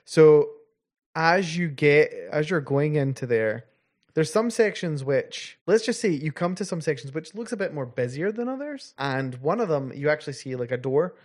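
A man running a tabletop game as game master, describing scenes in a halting way with many restarts. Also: on the high side, lively intonation.

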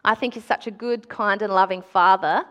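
A woman's voice: mid-range voice, normal speed, muffled recording. Young woman preaching a chatty sermon. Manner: animated, conversational, with call-and-response.

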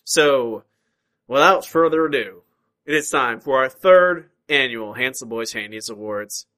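A man's voice: mid-range voice, measured pace, bright, forceful tone, low-quality recording. A man hosting a casual podcast chat, chatty and easygoing, often restarting his sentences. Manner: chatty, hesitant restarts, laughs easily. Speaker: podcast host.

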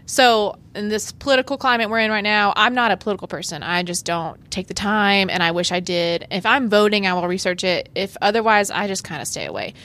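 Chatty woman co-host, earnest, middle pitch voice, just talking it out. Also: fairly quick, hardly any pauses, fairly bright tone. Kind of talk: casual chat.

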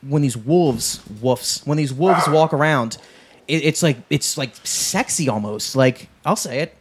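A man chatting casually on a podcast, rambling enthusiastically with many restarts. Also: a little high. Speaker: podcast panelist. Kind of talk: casual chat about horror films.

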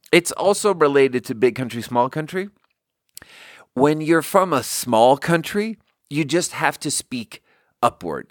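A man's voice: fairly high pitch, no room sound, clean studio sound. A man hosting a casual comedic monologue, rambling with restarts, swearing freely and acting out the people he quotes. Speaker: podcast host.

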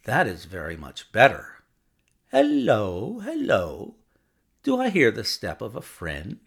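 Man reading Sherlock Holmes, brisk detective, ironic, crisp, lively pitch. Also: exaggerated voice. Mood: amused.

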